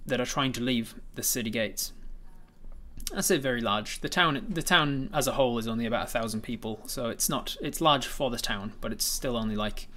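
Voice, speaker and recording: A man narrating a tabletop game as the game master, relaxed and meandering, with frequent hesitations. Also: mid-range voice, fairly quick.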